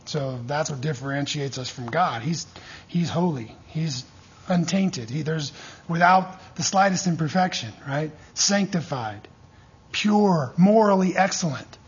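Male preacher, very husky and breathy tone, fairly high voice, lively call-and-response delivery, dull lo-fi recording. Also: unhurried. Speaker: pastor teaching a church class. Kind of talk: sermon.

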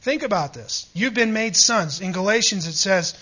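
Bright-voiced, high man preaching fervently. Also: lively intonation, moderate pace, few pauses, slightly rough, dull audio. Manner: emphatic, rising to fervent peaks, asks the audience "Amen?". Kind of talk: sermon.

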